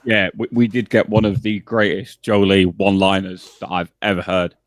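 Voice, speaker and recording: Sweary animated podcast host. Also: male voice, low voice, moderate pace, no echo, studio quality. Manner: sweary, animated, often shouts when retelling. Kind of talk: casual chat, storytelling.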